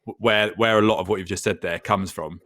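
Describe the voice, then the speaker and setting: A man with a very low voice hosts a podcast. He sums up his guest's points in a measured, reflective way. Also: fairly even intonation, a bit bright. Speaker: podcast host. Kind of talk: podcast interview.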